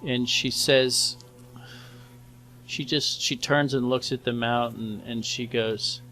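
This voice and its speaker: A man narrating as game master of a tabletop horror game, unhurried and descriptive. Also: mid-range voice, fairly even intonation, sharp tone, poor audio.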